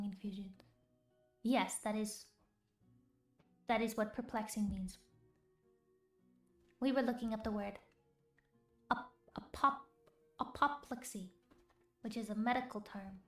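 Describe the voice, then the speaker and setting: A woman streamer speaking softly in a whispered role-play, chatting to her viewers with giggles between words. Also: a little high. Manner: soft whispered chat, giggly, chats with viewers. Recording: roomy with faint music.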